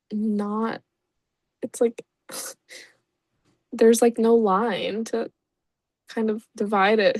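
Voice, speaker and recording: A woman's voice: a little high, darkish tone, breathy edge, no room sound. A young woman YouTuber reading a story aloud and reacting to it with sarcastic, profane, self-mocking asides. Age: young adult.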